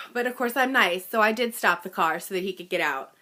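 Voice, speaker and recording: A woman's voice: medium pitch, a little fast, sharp tone. A woman in her thirties telling a personal story in a chatty, self-deprecating way, with little laughs and fillers. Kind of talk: personal story told casually.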